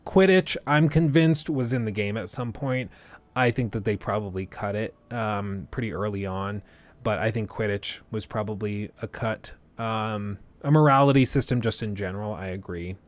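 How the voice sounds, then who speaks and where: The speaker is a young man on a casual livestream whose voice runs on the low side at a normal speed. He works through his thoughts out loud, full of fillers and restarts.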